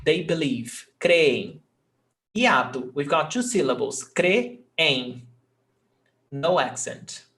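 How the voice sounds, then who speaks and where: A man's voice: a little high, expressive, slow, fairly bright tone. A man, teaching a language class and patiently repeating example words. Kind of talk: live online class.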